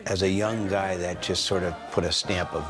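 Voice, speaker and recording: A man in his sixties, a composer recounting a studio session in an animated, rambling way. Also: sits low, moderate pace, music in the background. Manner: animated storyteller, full of "you know" and "man". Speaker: composer telling a story. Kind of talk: anecdotal interview.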